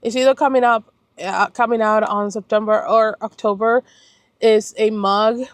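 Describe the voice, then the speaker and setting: A woman's voice: fairly high pitch, fairly even intonation, moderate pace, no room sound. Chatty young woman from Puerto Rico. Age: young adult. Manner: chatty, rambling, self-correcting and apologetic. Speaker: planner vlogger. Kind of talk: casual chat.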